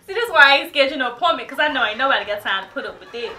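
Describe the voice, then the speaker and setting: High, lively woman vlogger. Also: very fast. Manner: dramatic, laughing, keeps exclaiming she is scared. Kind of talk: casual home vlog.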